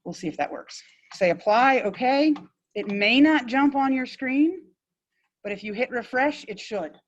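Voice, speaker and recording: A woman instructor giving a classroom software demonstration, blunt and informal, with quick asides to her students. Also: high voice, lively intonation, muffled recording. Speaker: GIS instructor.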